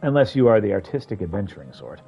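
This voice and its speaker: A man's voice: lowish voice, big pitch swings, fast talker, husky, dull audio, exaggerated voice. A man putting on a prim Southern matron. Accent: American Southern, put on. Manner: prim, formal, scolding. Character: stern Southern matron, older woman.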